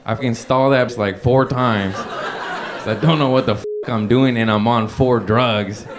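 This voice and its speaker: A man's voice: mid-range voice, fairly even intonation, a little slow, noisy background. A young man doing stand-up, telling a long story in a loose, profane way and chuckling as he goes. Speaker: stand-up comedian. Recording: live room with audience laughter.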